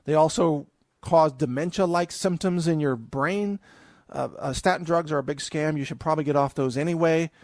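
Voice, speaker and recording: Male seminar speaker, slightly high pitch, emphatic and chatty with chuckles, dry booth sound. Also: normal speed, a little mellow, no room sound. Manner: chatty and emphatic, with a chuckle, many restarts and fillers. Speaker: podcast host. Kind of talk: recorded audio seminar.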